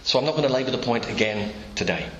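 A man's voice: mid-range voice, animated, fast, a bit bright, lo-fi sound, a little hiss or hum. A man preaching a sermon in a church, telling the story through imagined dialogue. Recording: echoey church room, faint ambience.

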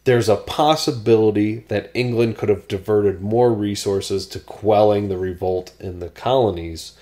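American man, lowish voice, podcast co-host, hesitant, lots of ums. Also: moderate pace, warm tone. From United States. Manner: hesitant, many fillers and restarts. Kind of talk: casual podcast discussion.

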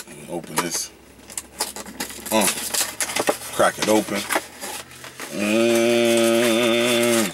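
A young man casually reviewing snacks in a vlog, excitable and slangy, breaking into loud whoops. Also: medium pitch, moderate pace, pauses often, noisy background.

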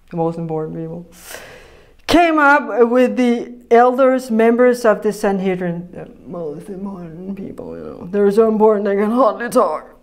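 A woman preaching a sermon in a lively, conversational way, acting out quotes and laughing often. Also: mid-range voice.

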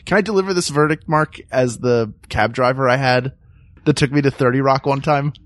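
A man's voice: mid-range voice, fairly quick, fairly bright tone, dry recording. A man co-hosting a comedy podcast, joking and wrapping up with a guest. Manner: jokey, enthusiastic. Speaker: podcast co-host. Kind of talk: casual podcast chat.

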